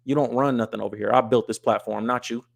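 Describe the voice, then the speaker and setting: A blunt, straight-talking man from the US West Coast hosts a casual live stream. He has a middle-pitched voice and often stops to read viewer comments aloud. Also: fairly even intonation, fast talker, gravelly. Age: adult with wife and kids. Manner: blunt and scolding to chat, reads comments aloud. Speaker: livestream host.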